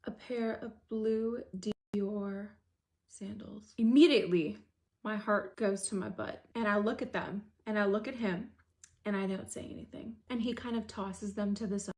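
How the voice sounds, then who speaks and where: A young woman telling a storytime vlog, dramatic and fast, dropping into hushed asides. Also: mid-range voice, steady tone. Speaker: vlogger. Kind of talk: storytime narration.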